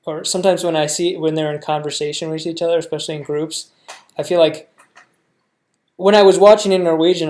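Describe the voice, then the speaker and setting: A young American man reacting to a show, thinking out loud in a rambling way, full of fillers and restarts. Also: on the high side. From United States. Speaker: reaction video host. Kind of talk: casual reaction commentary.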